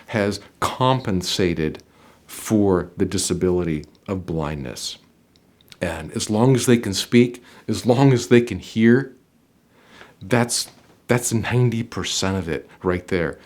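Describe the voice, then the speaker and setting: A man talking as a job interview coach, giving advice to camera in an emphatic way, with sudden loud stresses and quiet drops, often repeating phrases. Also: lowish voice. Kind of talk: direct-to-camera advice talk.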